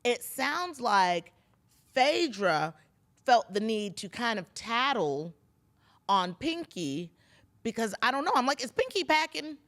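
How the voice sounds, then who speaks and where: A woman hosts a casual pop culture podcast, recapping reality TV in a chatty, gossipy style full of fillers and asides aimed straight at her listeners. Her voice is a little high and a bit bright, very animated, and she takes her time.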